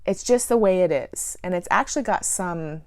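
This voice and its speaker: A woman's voice: lowish voice, expressive, normal speed, dry recording, clean studio sound. A woman chatting casually in a plant vlog, giggling often and rambling through self-deprecating asides. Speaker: plant YouTuber.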